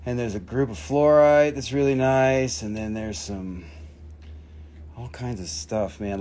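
A man's voice: mid-range voice, slight background noise. A man hosting a live online mineral sale from his shop, chatting casually, joking and swearing freely as he rambles. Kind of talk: casual live-stream selling chat.

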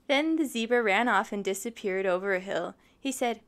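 A woman's voice: a little high, expressive, moderate pace, hardly any pauses. A young woman reading a children's book aloud, chatting with her listeners between pages. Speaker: storytime reader.

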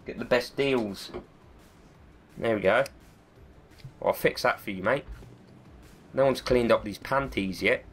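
Brief: male gaming host with a cold, casual, sweary, self-mocking play-by-play, mid pitch. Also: unhurried, pauses often, faint music behind. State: has a cold. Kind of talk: let's-play commentary.

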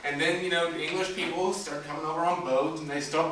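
A young man with a light Southern twang rambles through a stand-up set, brash and loaded with fillers. His voice runs bright and a little high. It comes from a distance and booms around an echoey club with faint noise behind. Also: fairly even intonation, brisk. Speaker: stand-up comedian. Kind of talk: open-mic stand-up. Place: comedy club stage. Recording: echoey club heard from afar.

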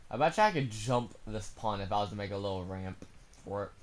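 A man's voice: lowish voice, animated, a little fast. A young man casually commenting while playing a farming game, goofy and given to swearing. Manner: goofy, swears, bursts into silly sung bits. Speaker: gamer. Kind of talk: casual let's-play commentary.

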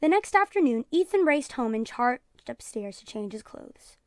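A woman teacher reading a children's storybook aloud in a calm storytelling voice, announcing page numbers. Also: a little high, moderate pace, no room sound, clean studio sound. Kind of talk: children's read-aloud narration.

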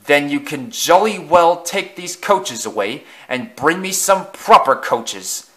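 A man's voice: fairly high pitch, expressive, slow pace, a bit bright, voice pushed up. Arrogant male steam engine, haughty, snapping, raised voice, a man doing it. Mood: disdainful.

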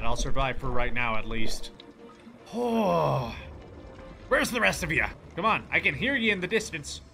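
Excitable man narrating a horror game. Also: on the high side. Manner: excitable, yelling and cursing at enemies. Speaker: gaming channel host. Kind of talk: let's play commentary.

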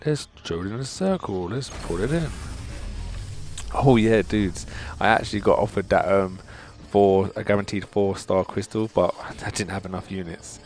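A man hosting a gaming channel, commenting on opening game crystals, excitable and exasperated, pleading with the game and calling his viewers dudes. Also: lowish voice, normal speed. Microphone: desktop mic.

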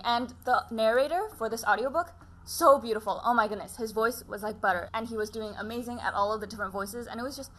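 A woman's voice: a little high, sharp tone. A woman chatting casually to camera about books. She gushes with enthusiasm and laughs often. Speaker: book vlogger. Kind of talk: casual book chat to camera.

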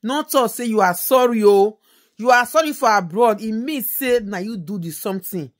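A woman's voice: a little high, normal speed. A woman giving an earnest, casual introduction to a video.

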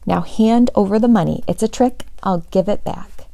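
A woman's voice: mid-range voice, normal speed, creaky, warm tone, no echo, natural voice. A woman reading the lines of an eager, showy boy who wants to be a magician in a storybook.

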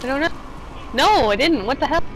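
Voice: high-pitched, animated, brisk, fairly bright tone, slight background noise, low-quality recording. A co-player chatting bluntly during a horror game, swearing often and startled easily. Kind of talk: casual gameplay chat.

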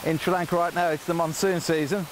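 A man's voice: on the high side, fairly even intonation, quick pace, noisy background. A man from England presenting on location from an underground mine, chatty and curious. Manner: chatty, curious, asks many questions. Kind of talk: casual on-location chat.

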